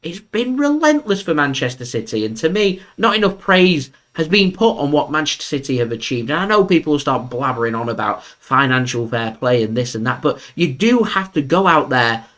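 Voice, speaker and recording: A man hosting a live football watchalong, chatting opinionatedly and breaking into excited play-by-play. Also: mid-range voice, brisk, hardly any pauses. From England. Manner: chatty, opinionated, bursts up for match action. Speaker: football fan channel host. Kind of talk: live match watchalong commentary.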